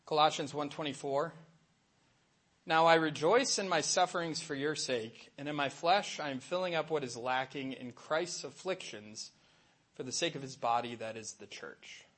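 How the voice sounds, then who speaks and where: A middle-aged man, a Catholic catechist, giving a lively faith talk to an audience and acting out little voices in his stories. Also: a little high, moderate pace. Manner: animated storytelling, acts out voices and asides.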